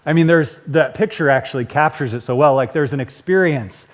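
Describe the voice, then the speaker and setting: A man's voice: on the high side, a little fast. Chatty male pastor preaching. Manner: casual and conversational, with chuckles and self-corrections. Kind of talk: sermon.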